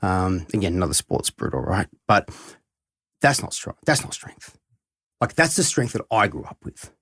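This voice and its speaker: A man's voice: deep voice, very animated, normal speed, a bit bright, husky, no echo, clean studio sound. A middle-aged man, a head of school and podcast guest, tells an earnest, heartfelt story and reflects on it.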